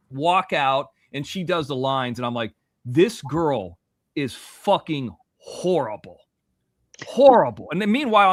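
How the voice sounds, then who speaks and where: A man in his forties, originally from Florida, tells a rambling story on a podcast. His voice sits a little high and swings widely in animated bursts, with plenty of swearing and self-corrections. The sound is dry and close. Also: dry recording. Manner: animated, profane, lots of restarts and asides. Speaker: guest storyteller.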